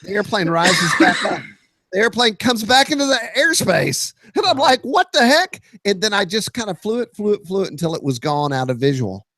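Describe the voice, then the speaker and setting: Excitable man telling a story. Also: high-pitched, a little fast, no room sound. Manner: excitable, shouts sound effects and quoted voices. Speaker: podcast host. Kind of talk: animated storytelling on a podcast.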